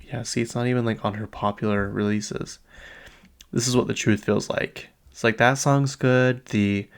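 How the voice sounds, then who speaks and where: A man's voice: mid-range voice, fairly even intonation, normal speed, vocal fry. A man in his late twenties chatting casually on his own, rambling through asides and fillers as a podcast host. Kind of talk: casual solo pop-culture chat.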